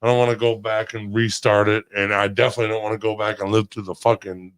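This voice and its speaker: A man's voice: fairly low pitch, level tone, fast talker, clear, resonant tone. A man in his twenties, co-hosting a casual podcast chat, blunt and swearing freely. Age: 20s.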